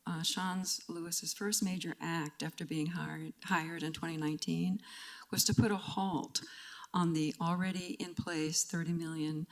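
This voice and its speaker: A woman's voice: lowish voice, little pitch movement. Tearful older woman giving public comment. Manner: earnest, emotional, halting with restarts. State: tearful, fighting back tears. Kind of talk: public comment at a council meeting.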